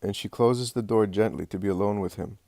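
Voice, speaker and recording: A man reading a devotional text aloud as narrator, measured and solemn. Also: lowish voice, vocal fry, mellow, no room sound, studio quality.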